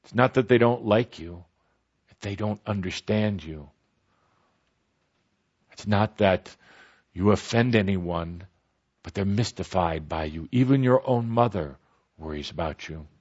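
A man doing a calm, soothing spirit voice. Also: on the low side, husky, highs cut off. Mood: reassuring. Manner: slow, soothing, reassuring. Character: calm all-knowing spirit voice.

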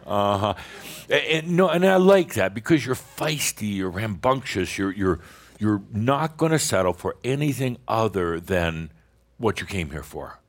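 A man's voice: fairly low pitch, animated, a little slow. A man giving a rambling, playful spiritual talk to a live group, often chuckling and restarting his sentences. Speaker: spiritual teacher addressing an audience.

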